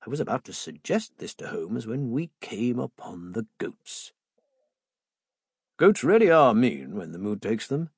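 A man narrates a story in a measured first-person tone, and his pitch moves expressively. His voice is slightly husky, and the recording is close and dry. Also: big pitch swings, no echo. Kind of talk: audiobook narration.

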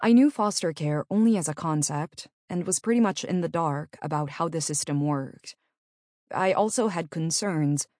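A middle-aged woman narrating her own memoir in an earnest, measured storytelling manner. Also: deep voice, a little mellow, dry recording, studio quality.

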